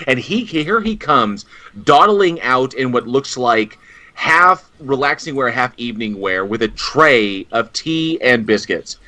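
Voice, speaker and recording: A man's voice: medium pitch, unhurried, no echo. A man hosting a live online talk show in casual chat, telling stories and acting out what people said. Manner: animated storyteller, acts out quotes.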